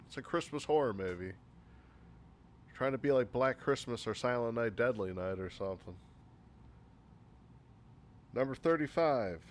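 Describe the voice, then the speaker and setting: A man talking through a countdown of film complaints in a loose, rambling way. His voice sits at an ordinary middle pitch and he often sounds exasperated. He keeps stopping to repeat himself and piles on filler words. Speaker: movie reviewer. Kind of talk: casual list-style movie critique.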